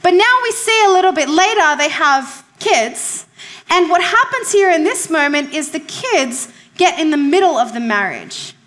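A woman pastor with a high, bright voice delivers a sermon. She talks to the congregation like a friend, asks them questions and repeats her main points for emphasis. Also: animated, moderate pace. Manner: repeats key phrases for emphasis.

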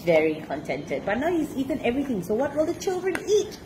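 Animated woman reading a children's story. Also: high voice, quick pace, background noise. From Malaysia. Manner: animated, expressive, laughing asides. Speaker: parent reading to her child. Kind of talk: children's storybook read-aloud.

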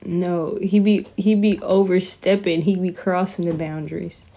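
A woman's voice: fairly low pitch, steady tone, moderate pace, warm tone. A young woman, chatting on a phone live stream from her bedroom, with lots of fillers and laughter. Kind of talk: casual live-stream chat.

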